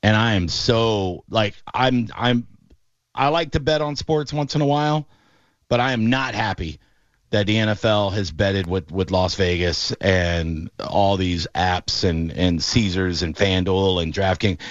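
A man hosting a casual sports talk show, telling stories with animated, mocking energy. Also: low voice, unhurried, dry recording, highs cut off. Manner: animated storyteller, mocking voices in quotes. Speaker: podcast host.

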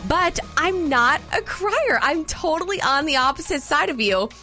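A woman's voice: sits high, sing-song, normal speed, sharp tone, faint music behind. A woman co-hosting a casual morning radio chat, chatty and teasing, often laughing. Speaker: radio co-host. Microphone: studio microphone.

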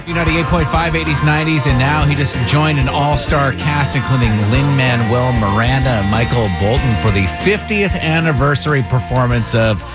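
A man's voice: mid-range voice, moderate pace, hardly any pauses, loud music behind the voice. A man hosting a morning radio show, joking and laughing between bits. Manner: jokey, laughs often. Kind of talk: casual radio banter.

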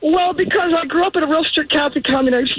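A woman's voice: high voice, poor audio. A woman from upstate New York calling in to a radio show, rambling on without stopping for breath. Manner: rambling nonstop, barely pausing. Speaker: caller. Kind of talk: rambling phone call.

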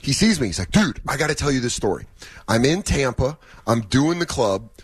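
A man's voice: mid-range voice, brisk, slightly rough, dry recording. A man appearing as a comedian guest in a radio interview, telling jokey stories in a casual chat. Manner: animated, jokey storytelling with impressions.

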